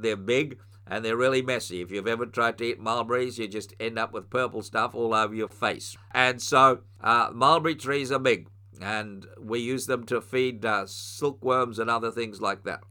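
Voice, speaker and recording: A middle-aged man preaching a sermon, teaching earnestly and rising into forceful spoken commands. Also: mid-range voice.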